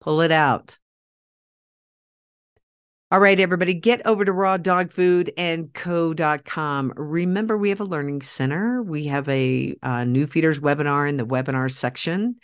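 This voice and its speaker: This podcast host's deep voice comes across clear and resonant at a normal speed. In a persuasive monologue she rallies listeners directly, emphatic and repeating key phrases for force.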